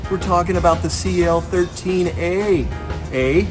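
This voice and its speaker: A man doing an overdone comic Canadian accent, playing a boisterous folksy Canadian guy with drawn-out "eh"s. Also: high voice, over music. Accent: overdone put-on Canadian. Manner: hammy, loud, drawn-out "eh"s.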